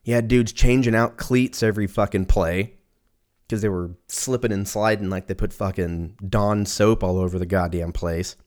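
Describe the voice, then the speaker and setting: A young man with a lowish voice rambles through a casual solo chat. He swears freely and wanders from point to point in a loose, conversational way. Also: fairly even intonation, moderate pace, a little mellow.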